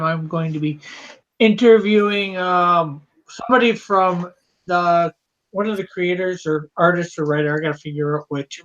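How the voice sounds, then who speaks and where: A man co-hosting a casual live stream, speaking haltingly and losing his train of thought. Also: high-pitched, a bit bright, highs cut off. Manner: halting, loses his thread.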